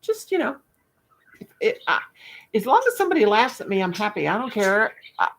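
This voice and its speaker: A woman's voice: mid-range voice, big pitch swings, fairly quick, a bit bright. An older woman, hosting a casual livestream chat with viewers, folksy and self-mocking, laughing at her own jokes. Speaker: livestream host.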